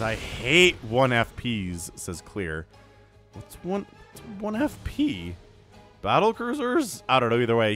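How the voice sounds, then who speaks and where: A young man casting a strategy game match, excitable and rambling, laughing and shouting at big plays. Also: mid-range voice. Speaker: game caster. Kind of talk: esports commentary.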